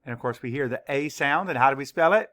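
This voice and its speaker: A man teaching a children's spelling lesson, spelling words slowly, letter by letter, with clear, patient instructions. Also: medium pitch, expressive, a bit bright. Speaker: third-grade teacher.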